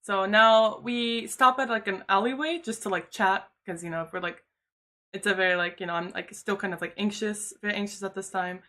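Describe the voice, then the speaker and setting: Telling a personal story on stream, a woman talks loosely and casually, filling nearly every sentence with "like" and "you know." Her brisk, mid-range voice keeps a steady, sharp tone.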